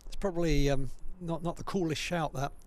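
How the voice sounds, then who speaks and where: A man's voice: a little high, steady tone, a little fast, a little mellow, a little hiss or hum. A middle-aged man, a retired player giving chatty, wry co-commentary on live cricket. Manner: chatty, wry, musing asides.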